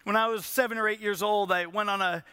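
A man from Southern California delivers a sermon in a very high, bright voice. He tells a personal story and slips into pleading, acted-out prayers. The sound is close and dry. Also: fairly even intonation, quick pace, clear, resonant tone, no echo. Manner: storytelling preacher who acts out prayers in a pleading voice. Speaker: pastor.

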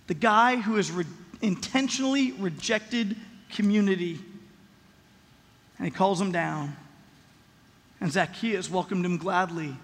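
High-voiced pastor preaching in a reverberant hall. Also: male voice. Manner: animated, acts out voices of characters. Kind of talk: sermon.

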